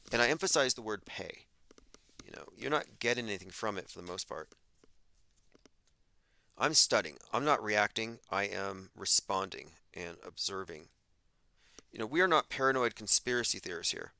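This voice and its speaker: A man's voice: lowish voice, moderate pace, creaky, sharp tone, dry recording. A man hosting a livestream, delivering an emphatic, argumentative monologue and reading out chat comments. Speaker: podcast host.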